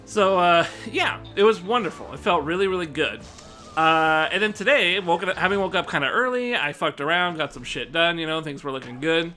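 A young American man talks to his stream in a loose, rambling way, swearing casually and sounding a bit winded. His voice sits somewhat high for a man and rings very bright and forceful. Faint music plays behind him. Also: a little fast. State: slightly out of breath. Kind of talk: casual rambling chat to viewers.

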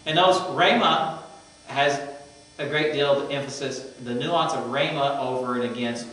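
A man's voice: medium pitch, moderate pace, fairly bright tone. A man teaching a seminary Greek reading class, explaining verb forms and interpretation in a conversational way. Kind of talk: classroom lecture. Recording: echoey classroom from far off, faint hum.

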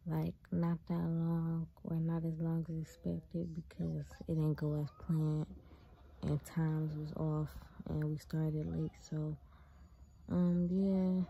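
Laid-back teen girl vlogging, slightly low. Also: vocal fry, mellow, slightly rough. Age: teens. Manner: laid-back, slangy, addresses viewers as y'all. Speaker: vlogger and track athlete. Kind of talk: casual vlog talk to viewers.

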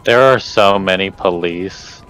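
Deep-voiced man in game chat. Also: a little slow, a bit bright, clear, resonant tone, soft background music, poor audio. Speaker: game player. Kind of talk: casual voice chat while gaming.

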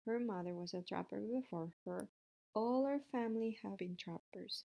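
A woman voicing a calm, clever female spider in a storybook read-aloud, matter-of-fact and measured. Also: mid-range voice, creaky, highs cut off, lightly acted. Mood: explaining.

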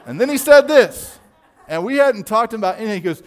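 A man preaching a sermon as pastor, reading scripture and telling a story from his own life, rising to near shouts when he acts out quoted voices. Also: sits high, sing-song, fairly quick.

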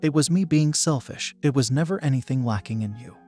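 A man voicing a middle-aged wife who denies an affair and then pleads, in a quiet, low delivery close to his own voice. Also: fairly quick, faint music behind, lightly acted. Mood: pleading.

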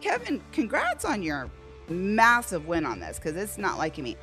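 Woman, stream host, excitable storyteller, swooping lively pitch, quick laughs. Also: faint music behind. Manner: animated, excitable, laughs often, acts out quotes. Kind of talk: casual storytelling to a live chat. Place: home.

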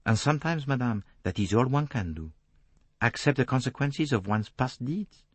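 A man reading an audiobook voices a fastidious middle-aged Belgian detective, precise and courteously relentless. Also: medium pitch, lively intonation, breathy edge, dry recording, voice pushed up. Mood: gentle.

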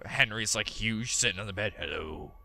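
A man's voice: fairly high pitch, big pitch swings, measured pace, sharp tone, smooth. A young man doing let's play commentary, jumpy and goofy, joking with his pet while he plays. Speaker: gaming video host.

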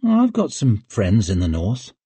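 A man's voice: fairly low pitch, wildly swooping pitch, measured pace, warm tone, breathy edge, no room sound, full character voice. A man voicing a brash young war-hero lord. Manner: blunt, boastful.

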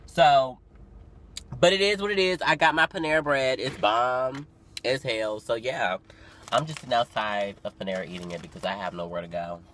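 A young man of nineteen vlogging casually, chatty and dramatic, full of fillers and sudden loud, excited storytelling. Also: medium pitch, moderate pace, slight background noise. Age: young adult. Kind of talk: casual vlog talk to camera. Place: parked car. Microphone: phone camera.

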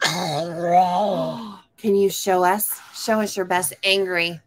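Slow-spoken woman reading a picture book to a child. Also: on the low side, fairly even intonation. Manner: coaxing questions to the child, frequent gasps and "oh my goodness" exclamations. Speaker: storytime host.

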